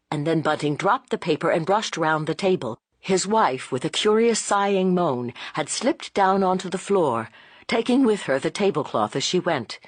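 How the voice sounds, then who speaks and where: Low husky woman narrating a novel. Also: lively intonation, normal speed, no room sound. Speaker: audiobook narrator. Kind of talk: scripted narration.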